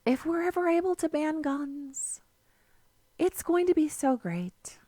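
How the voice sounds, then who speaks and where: A woman's voice: high voice, a little slow, dark tone, dry recording, studio quality, voice pushed up. A woman mimicking a wistful, sing-song gun-ban dreamer. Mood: dreamy mocking. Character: dreamy naive adult gun-ban idealist, mocked.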